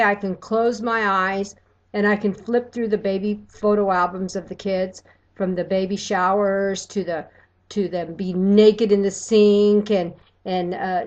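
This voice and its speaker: Middle-aged woman, personal storytelling, emotional and animated, somewhat muffled sound. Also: medium pitch. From Texas. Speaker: vlogger.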